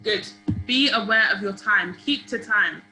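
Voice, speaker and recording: A young woman teaches public speaking to a group over a video call. Her bright voice stays lively and encouraging as she keeps asking the class for ideas. The call audio sounds roomy. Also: mid-range voice, a little slow. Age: young adult. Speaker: public speaking workshop leader. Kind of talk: online seminar teaching.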